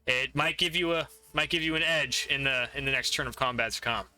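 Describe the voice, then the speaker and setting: A man's voice: mid-range voice, fairly quick, sharp tone, clear, resonant tone. A man narrating a tabletop game as game master, describing the fight vividly and laughing often.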